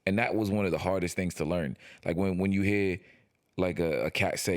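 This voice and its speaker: A man co-hosting a podcast, talking in loose, slangy casual chat, animated and prone to stumbling over his first words. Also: deep voice, moderate pace, no room sound, studio quality. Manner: animated, slangy, repeats words when starting a point. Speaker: podcast co-host.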